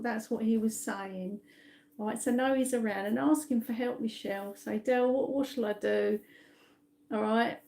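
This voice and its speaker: A woman's voice: fairly high pitch, warm tone. A middle-aged woman, a psychic medium, giving a reassuring live-stream reading and often checking in with "all right?".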